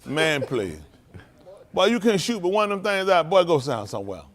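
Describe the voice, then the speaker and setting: A man giving loose, animated commentary at a livestreamed service, laughing often. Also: fairly high pitch, moderate pace. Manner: animated, laughing, preachy street talk. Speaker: preacher.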